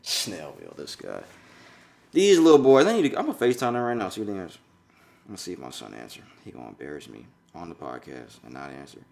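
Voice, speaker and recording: A young man, co-hosting a podcast. He talks in loud, joking banter full of swearing, and his pitch leaps wildly from low mutters up to sudden high exclamations. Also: huge pitch swings, quick pace, vocal fry. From Georgia. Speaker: podcast co-host. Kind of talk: casual chat.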